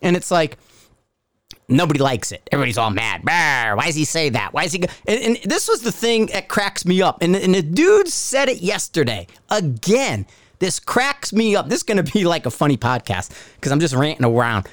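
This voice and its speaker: A middle-aged podcast host from Connecticut rambles through a profane, sarcastic rant in a Northeastern US accent. His voice sits somewhat high for a man. The sound is dry and close, with no room around it. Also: sing-song, normal speed, no echo. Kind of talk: ranting podcast monologue.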